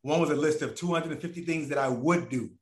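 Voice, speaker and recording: In an echoey room, a man with a slightly high voice talks fast as he tells a long personal story. His casual talk is animated and profane, and he acts out the voices of the people involved.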